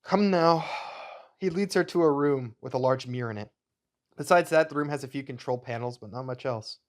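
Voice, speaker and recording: A man's voice: mid-range voice, fairly quick. A man hosting his channel, reading his own screenplay aloud in a plain, matter-of-fact way. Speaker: channel host.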